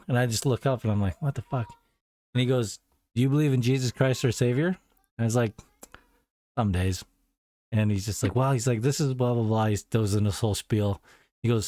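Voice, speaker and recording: Male co-host, dry deadpan storyteller, casual chat in a dead room. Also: mid-range voice, no room sound. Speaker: podcast co-host.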